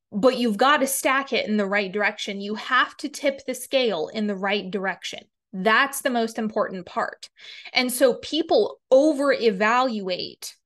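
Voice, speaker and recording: A woman's voice: fairly high pitch, fairly bright tone. A woman hosting a podcast as a reverend, giving a blunt, emphatic motivational talk, swearing freely and repeating words for stress.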